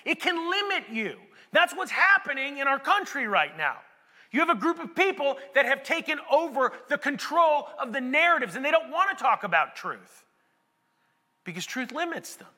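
A male pastor preaches in a chatty, conversational way that swells into emphatic shouts. His voice is very high and sharply bright. It is recorded in a large hall with a long, ringing reverb. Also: big pitch swings, moderate pace. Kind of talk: sermon.

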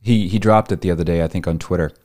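A man with a very low voice chimes in with sardonic remarks in a loose, conversational tone. He fills his pauses with ums and uhs. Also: fairly even intonation, darkish tone. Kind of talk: commentary chat.

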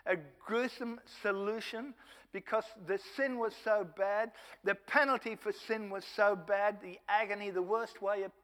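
A man's voice: high voice, steady tone, moderate pace, fairly bright tone, in a large hall. An older man preaching a testimony sermon as an evangelist, telling stories with lots of quoted dialogue and restarts.

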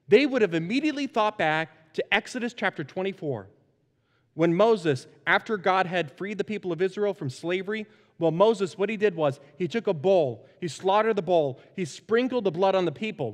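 Male pastor, 30s, higher-pitched voice, animated sermon delivery, miked in a hall with long reverb. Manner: animated, acts out animal sounds in stories. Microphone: microphone.

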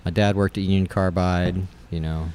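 Low-voiced rambling man. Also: fairly even intonation, normal speed, darkish tone, a little hiss or hum. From West Virginia. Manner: rambling storyteller with many fillers and restarts. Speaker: brewer and guest. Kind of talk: casual conversation.

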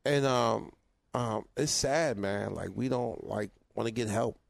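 A man co-hosting a podcast in casual chat, an animated storyteller who acts out his relatives' lines. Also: medium pitch, a little slow, creaky, no echo. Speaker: podcast co-host.

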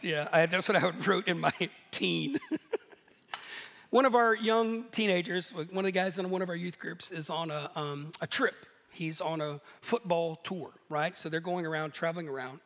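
A man preaching a sermon, telling stories in a lively, animated way and laughing at himself now and then. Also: fairly high pitch. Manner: storytelling, animated, self-deprecating laughs. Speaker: pastor. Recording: echoey hall.

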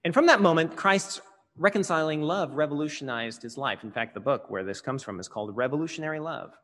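A man's voice: medium pitch, animated, fairly quick, fairly bright tone. A man preaching a sermon as pastor, earnest and building to emphatic peaks. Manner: earnest, swelling with emphasis on key phrases. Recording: long reverb of a large hall.

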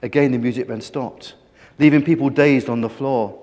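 A man reading a children's story aloud with animated, playful emphasis. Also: mid-range voice, moderate pace, in a large hall.

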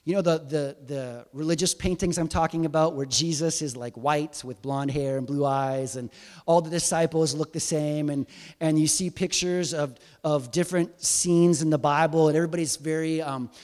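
Brief: male preacher, slightly high voice, casual and animated, heavy hall reverb. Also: normal speed. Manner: conversational, animated storytelling. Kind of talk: sermon.

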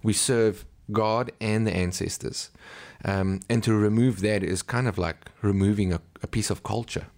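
A South African missionary pastor tells ministry stories in a conversational interview, his voice lowish, steady, a little mellow, and at a moderate pace with few pauses. He uses many ums and acts out the voices he quotes.

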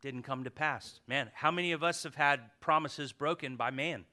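A man in his thirties preaching a casual sermon, swinging from loud exhortation to hushed emphasis. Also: fairly high pitch, moderate pace.

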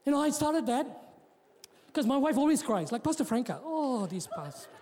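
A man's voice: very high voice, very animated, moderate pace, slight background noise. A man preaching a sermon as pastor, mixing jokes with rousing calls and often repeating and restarting his words. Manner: preaching with joking asides, rising to shouts. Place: church hall. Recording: long hall reverb.

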